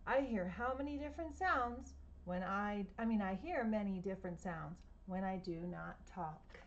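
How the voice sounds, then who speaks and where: A woman's voice: mid-range voice, normal speed, highs cut off, a little hiss or hum. A woman reading a picture book aloud to children at home, playfully imitating sounds and asking her listeners questions. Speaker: storytime reader.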